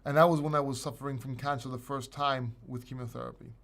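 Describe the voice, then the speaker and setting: A man's voice: mid-range voice, steady tone, fast talker, creaky, a bit bright. Loose, swearing livestream host guy. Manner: loose and profane, reads viewer comments aloud. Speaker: channel host. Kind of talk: casual livestream chat.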